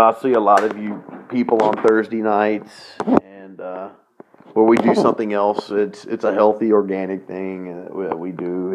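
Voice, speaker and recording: A man hosting a solo podcast, rambling in a crude, profane, joking and excitable way. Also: on the low side, background noise. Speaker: podcast host.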